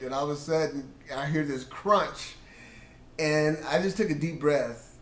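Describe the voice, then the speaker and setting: A man's voice: mid-range voice, roomy sound. A man sharing a casual Christian testimony about his marriage in an earnest storytelling way, quoting himself and his wife.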